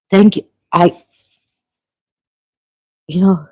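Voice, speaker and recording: A woman from Pakistan hosts a casual livestream, reacting to viewer comments. Her voice is low and warm, and her speech comes slowly, full of fillers, restarts and shocked exclamations.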